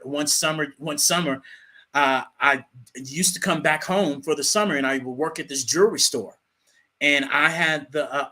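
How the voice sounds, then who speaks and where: A young man co-hosting a show, telling a folksy story in a casual, animated way and often repeating his words. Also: on the high side. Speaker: co-host.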